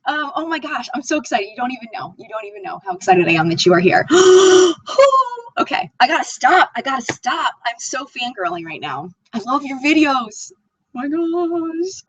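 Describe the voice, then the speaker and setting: A woman's voice: a little high, very animated, brisk, a bit bright, slightly rough, no echo, low-quality recording. A woman hosting a live makeup chat stream, reading viewer comments aloud and gushing over them. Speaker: beauty channel host.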